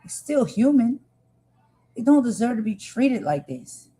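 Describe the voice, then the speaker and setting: A woman's voice: on the high side, big pitch swings, unhurried, warm tone, husky, rough recording. Impassioned woman hosting a live stream. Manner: emphatic, repetitive, talks straight to viewers.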